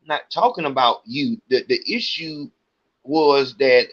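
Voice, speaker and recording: A man's voice: medium pitch, measured pace, a bit bright, dull audio. A podcast host, a man, venting in an agitated, profane rant to his audience. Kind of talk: ranting monologue.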